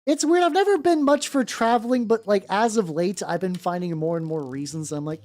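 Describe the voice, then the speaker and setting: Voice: mid-range voice, fairly quick, few pauses, a little mellow. Rambling streamer chatting while painting. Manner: rambling, many restarts and swearing. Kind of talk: casual livestream chat. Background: faint background music.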